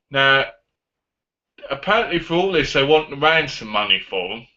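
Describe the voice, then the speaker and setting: A man casually reviewing a film on his vlog, retelling the plot in an animated way and acting out the lines. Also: fairly high pitch. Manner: animated retelling with acted-out quotes. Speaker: movie reviewer. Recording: dull lo-fi audio.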